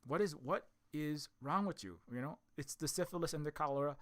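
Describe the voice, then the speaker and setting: A man giving a rambling, scornful opinion commentary, talking in an animated way and often restarting and repeating words. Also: fairly high pitch, a little fast. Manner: scornful, mocking. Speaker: commentary video host.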